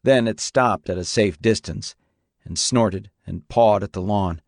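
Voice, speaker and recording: A man narrating a story in a steady, measured audiobook reading. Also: lowish voice, creaky, no echo, studio quality.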